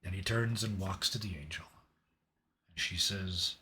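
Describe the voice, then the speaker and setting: Low-voiced dramatic game master narrator. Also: male voice, a little slow, pushed and bright, breathy edge. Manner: vivid, dramatic storytelling with hesitant restarts.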